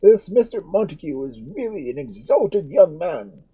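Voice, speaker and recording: A man's voice: a little high, big pitch swings, unhurried, warm tone, slightly rough, pitched above the performer's own voice, exaggerated voice, rough recording. A man voicing an older father who talks earnestly and in a declaiming manner, in a voice raised above his own. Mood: admiring. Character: proud talkative old father, gentleman.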